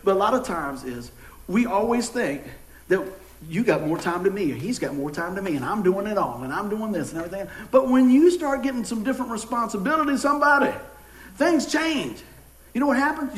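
A middle-aged pastor, preaching a sermon with jokes and folksy storytelling. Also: male voice, high voice, a little fast. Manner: folksy, joking, animated storytelling. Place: church sanctuary. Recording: echoey church room.

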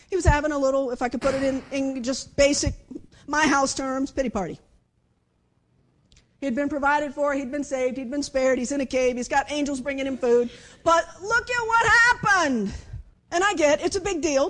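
A woman preaching a conversational sermon, moving between lively emphasis and hushed, quiet passages. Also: high-pitched. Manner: conversational, with dramatic shifts between loud and hushed speech. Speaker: speaker giving a devotional message.

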